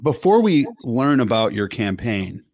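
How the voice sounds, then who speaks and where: A man's voice: medium pitch, big pitch swings, a loud crowd. A man hosting a podcast, joking and bantering in casual chat. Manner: jokey, playful, quick banter. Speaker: podcast host.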